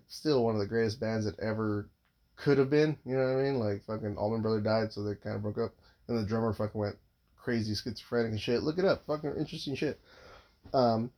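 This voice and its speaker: A man's voice: mid-range voice, darkish tone. A man in his thirties, a father, telling a long casual story, rambling and swearing constantly with lots of filler words.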